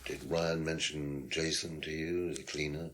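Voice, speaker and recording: A man's voice: a bass voice, little pitch movement, measured pace, fairly bright tone, a little hiss or hum. An actor playing a smug, condescending male lecturer who is questioned as a suspect in a detective video game, pompous and dismissive. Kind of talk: FMV game acting.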